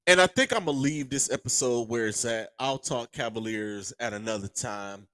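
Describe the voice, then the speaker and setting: A man hosting a podcast with a sore throat, ranting casually and profanely about sports, heating up to shouts. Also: mid-range voice, moderate pace, few pauses, no echo. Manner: profane, heated, rising to shouts. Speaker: podcast host.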